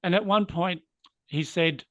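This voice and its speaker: A man tells a story from his working life with sincere feeling. His voice sits slightly high. The sound is dry and close, with a dull, muffled edge. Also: a little slow, no room sound. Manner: earnest, moved to emotion at times. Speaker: interview guest. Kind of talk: reflective storytelling.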